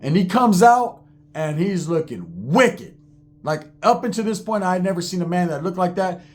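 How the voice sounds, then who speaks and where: Male storyteller, profane and slangy, fairly high voice. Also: moderate pace. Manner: profane, animated, street slang.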